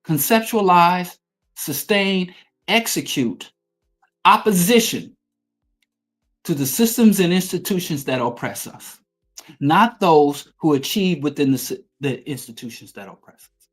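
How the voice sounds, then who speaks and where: A man's voice: fairly high pitch, animated, unhurried, faint music behind. A middle-aged man hosting a talk show, delivering an emphatic, profane political monologue. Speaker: podcast host.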